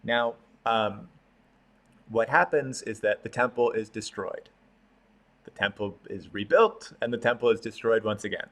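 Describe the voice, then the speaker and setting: Male teacher, lowish voice, patient and explanatory, lecture delivery. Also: unhurried, fairly bright tone. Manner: explanatory, with frequent fillers and restarts. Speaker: prayer course teacher. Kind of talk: online class lecture.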